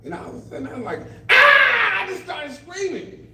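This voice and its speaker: Older comedian on stage, a lively high voice. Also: male voice, fast, shouting, very noisy. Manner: storytelling, acts out voices of kids and himself. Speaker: stand-up comedian. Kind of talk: stand-up comedy set. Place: adult day center, indoors, live audience. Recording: roomy live room, mic at a distance, crowd laughter.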